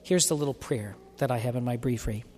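A man's voice: mid-range voice, fast talker, darkish tone, in a large hall, soft background music. A man preaching a sermon in an emphatic, dramatic way, drawing out key words for weight.

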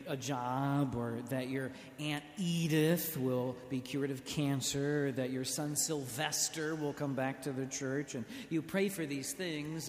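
A man preaching a sermon in a slow, deliberate, expressive way, with dramatic pauses. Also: mid-range voice. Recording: echoey church hall.

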